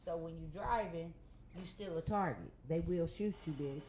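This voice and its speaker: A woman's voice: lowish voice, normal speed, warm tone, slight background noise. Middle-aged woman, brash comedic host, roomy echo. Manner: blunt, brash, profane. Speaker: talk show host. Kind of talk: casual comedic chat.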